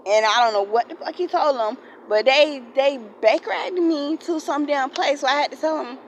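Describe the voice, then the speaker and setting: Casting: woman, 40s, vlogger ranting to camera, blunt and swearing, fairly high voice, faint hum behind. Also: lively intonation, normal speed, low-quality recording. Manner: blunt, profane venting with many repeats. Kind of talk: unscripted storytime rant to camera.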